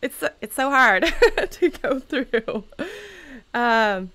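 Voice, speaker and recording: A woman's voice: on the high side, lively intonation, slow, sharp tone. A woman chatting casually on a livestream, giving channel advice in a bubbly, talkative way and laughing often. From Seattle area.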